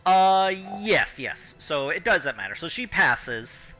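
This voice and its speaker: A man running a tabletop game as game master, pausing often with ums while he checks the rules. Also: on the high side, big pitch swings, pushed and bright, faint music behind.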